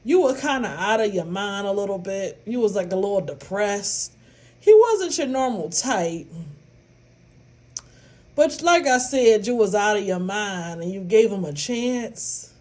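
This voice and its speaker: A woman's voice: mid-range voice, lively intonation, unhurried, a little mellow, close to an everyday voice. A woman voicing her older aunt, blunt and matter-of-fact as she recalls old mistakes. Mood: knowing.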